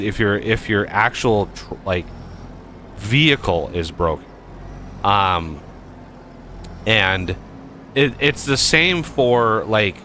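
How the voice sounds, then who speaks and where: A man's voice: fairly low pitch, sharp tone, slight background noise. A man giving casual gameplay commentary as a streamer, rambling with many fillers and restarts.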